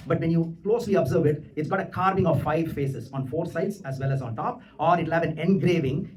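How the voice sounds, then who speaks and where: Brisk man giving a temple lecture. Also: fairly high pitch, darkish tone, recorded from a distance. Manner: explanatory, chants Sanskrit mantras slowly. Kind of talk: devotional lecture. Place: temple hall.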